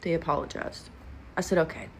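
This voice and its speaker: A woman's voice: low voice, steady tone, fairly quick. A woman, telling a story in a blunt, sarcastic and profane casual storytime vlog. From Kentucky, US.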